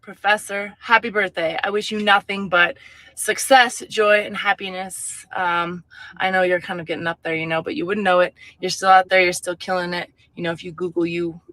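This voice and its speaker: A woman's voice: fairly low pitch, steady tone, moderate pace, pushed and bright, dry recording, poor audio. A woman recording a casual video birthday greeting, upbeat and joking, correcting herself on the fly. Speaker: guest sending a video birthday message.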